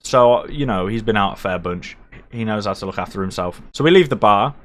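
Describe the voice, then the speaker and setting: A young man telling a night-out story casually, animated, swearing and poking fun at himself. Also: fairly low pitch, brisk. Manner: animated, swearing, self-mocking.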